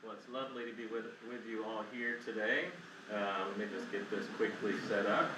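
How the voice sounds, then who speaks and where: A man, a chaplain, gently guiding a group through a breathing exercise, calm and lightly joking. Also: lowish voice, fairly quick. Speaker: chaplain and guest speaker. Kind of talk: guided breathing exercise and talk. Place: church hall, without a mic. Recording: echoey hall with noise.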